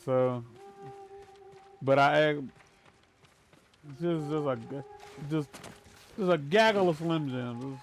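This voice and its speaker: A man chatting casually on a live gaming stream, telling rambling, animated stories, restarting sentences and laughing at his own jokes. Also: on the high side, takes it slowly, long pauses, faint music behind. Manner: restarts and stammers often.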